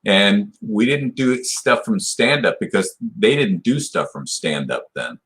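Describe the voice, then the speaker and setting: A man's voice: lowish voice, very animated, measured pace, fairly bright tone. A man in his sixties, a guest in a podcast interview, telling a long story with many restarts and "you know" fillers. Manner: rambling retelling, full of "you know" and restarts. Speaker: podcast guest, martial arts black belt.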